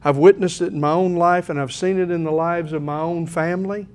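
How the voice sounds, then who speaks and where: Man, pastor preaching, folksy, earnest, fairly high voice. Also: steady tone, brisk, a little mellow. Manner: folksy, earnest, clears throat often. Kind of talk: sermon.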